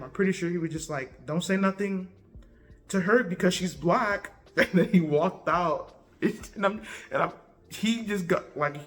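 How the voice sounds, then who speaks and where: A young woman telling a casual, slangy story for her vlog in an animated, laid-back way. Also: fairly low pitch. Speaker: vlogger.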